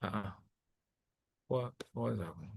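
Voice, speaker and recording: A young man, coaching traders live while sharing his screen, talking in an excitable, exclamatory, rambling way with lots of repeats. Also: on the low side, normal speed, gravelly, slightly rough. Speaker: trading coach. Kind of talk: live screen-share trading analysis.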